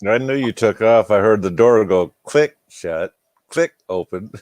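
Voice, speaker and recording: A man's voice: on the low side, animated, a little slow, a little mellow, dry recording. A man chatting casually on a livestream, teasing the host. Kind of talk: casual chat.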